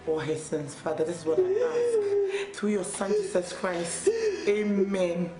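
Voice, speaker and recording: A woman's voice: mid-range voice, huge pitch swings, measured pace. An actress with a Ghanaian accent playing a young woman who prays and weeps over a dying friend in a film drama. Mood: praying. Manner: pleading, tearful prayer, wailing. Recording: echoey room with music.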